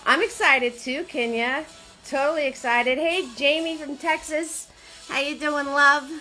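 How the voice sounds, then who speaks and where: A woman's voice: sits high, fairly even intonation, unhurried, pushed and bright, soft background music. A woman running a live-stream painting class, chatty and often laughing, greeting her viewers by name in a sing-song voice. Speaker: painting instructor.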